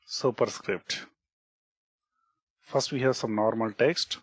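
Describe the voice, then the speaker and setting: A man's voice: fairly low pitch, steady tone, slow pace, breathy edge, no echo. Indian man explaining code step by step. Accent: Indian English. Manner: explanatory, repeats points, frequent "okay" and "right?", restarts words. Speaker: programming instructor. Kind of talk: screen-recorded coding tutorial.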